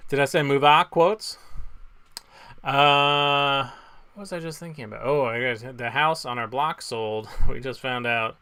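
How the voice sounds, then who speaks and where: Bright-voiced man hosting live trivia. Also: medium pitch, clear, resonant tone, no echo. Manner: rambling, jokey asides between questions. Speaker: trivia quiz host.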